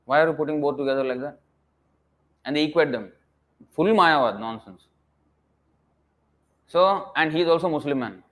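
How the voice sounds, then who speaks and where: A man's voice: fairly high pitch, normal speed, pauses often, a bit bright. A man giving a scripture lecture as a preacher, emphatic and scolding, firing rhetorical questions and dropping to a mutter at phrase ends.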